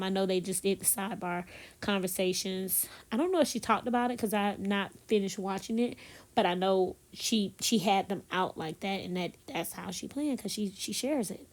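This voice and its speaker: Vrouw die zacht en kletserig vertelt. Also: female voice, mid-range voice. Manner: chatty, laughs at herself, addresses viewers directly; talks softly so as not to disturb someone nearby. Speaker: planner vlogger. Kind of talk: casual voiceover chat. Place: bedroom at home.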